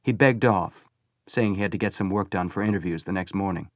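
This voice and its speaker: A man reading a novel aloud as an audiobook narrator, measured and steady. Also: deep voice, dry recording, clean studio sound. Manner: measured storytelling. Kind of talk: scripted narration.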